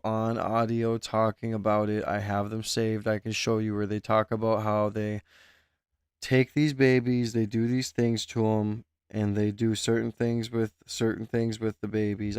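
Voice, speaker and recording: Man, streamer, gravelly voice, dry close sound, emotional live reaction commentary. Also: fairly low pitch, a little mellow, dry recording. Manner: emotional, exclaiming, speculative.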